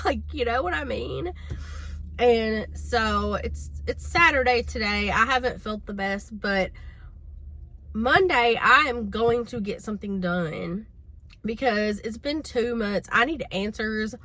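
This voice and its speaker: A woman's voice: on the high side, a little slow, pushed and bright. A woman telling a story to her viewers in a chatty, exasperated way. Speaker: vlogger. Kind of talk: casual storytelling to camera.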